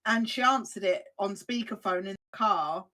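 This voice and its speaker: A young woman on a casual podcast chat, telling animated anecdotes and acting out the other voices in them. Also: medium pitch, normal speed. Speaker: podcast co-host.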